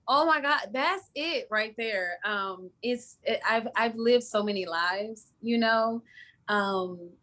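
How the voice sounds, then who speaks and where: Southern actress lady, bright and punchy, laughs a lot, highish voice. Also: slow. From Florida, US. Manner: emphatic, animated, laughs often. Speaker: actress guest. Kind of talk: live interview conversation. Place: online video call.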